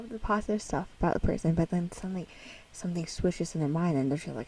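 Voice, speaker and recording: A young woman chatters through a music video reaction, giggling often and rambling with fillers. Her voice has a breathy, slightly husky edge and sits a little back from the microphone, in a plain room at home. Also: lowish voice, quick pace, dark tone, recorded from a distance, rough recording.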